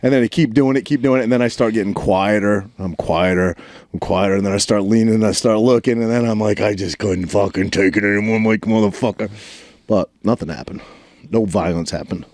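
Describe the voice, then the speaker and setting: A man's voice: on the low side, a little fast, darkish tone, no room sound. A man, telling a story in a casual podcast chat and acting out the lines he quotes. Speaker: podcast co-host.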